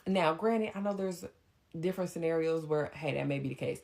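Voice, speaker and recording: A young woman casually retelling a personal story, rambling and animated, with frequent ums. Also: sits low, a little fast, creaky. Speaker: storyteller vlogger.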